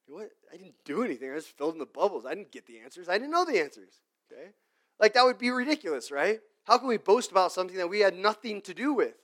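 A man preaching a casual, conversational sermon as pastor, full of "like" and "okay?" checks, swinging between loud emphatic lines and quiet asides. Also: fairly high pitch. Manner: chatty, peppered with "like" and "okay?" checks.

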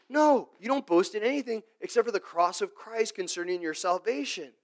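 A man preaching a casual, conversational sermon as pastor, full of "like" and "okay?" checks, swinging between loud emphatic lines and quiet asides. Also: high voice, expressive, fairly quick, hardly any pauses. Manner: chatty, peppered with "like" and "okay?" checks.

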